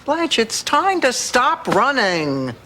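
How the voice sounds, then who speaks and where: A woman playing a dry, sarcastic grown daughter in a sitcom, with deadpan put-downs. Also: a little high, slow, slight background noise, exaggerated voice. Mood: sardonic. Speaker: sitcom character.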